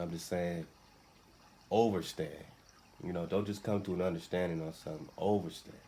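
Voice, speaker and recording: Deep-voiced man, loose spiritual talk. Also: darkish tone. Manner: loose, street slang, repeats phrases. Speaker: radio show host. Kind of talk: casual spiritual teaching talk. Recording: faint background noise.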